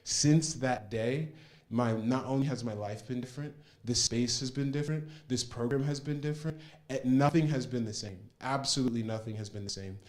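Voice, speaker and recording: A young man shares his story in an earnest, heartfelt way, stumbling over his words and starting again as he goes. His voice sits at an ordinary middle pitch and he speaks as a participant giving a testimonial. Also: normal speed, darkish tone. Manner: earnest and heartfelt, with frequent restarts and fillers. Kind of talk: personal testimony.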